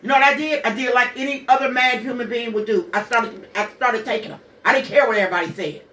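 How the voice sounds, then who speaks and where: A woman's voice: on the high side, fast talker, fairly bright tone, roomy sound, far from the mic. A woman in her sixties hosting a radio show, telling her own hard story bluntly, with curses and rhetorical questions. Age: 60s. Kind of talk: candid personal monologue.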